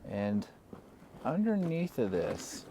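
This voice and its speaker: A man's voice: fairly low pitch, a little mellow, slight background noise. A man guiding viewers around an old mine site outdoors, slightly winded from the climb. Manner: slow, easygoing guiding commentary. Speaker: exploration vlogger. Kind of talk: casual narrated hike.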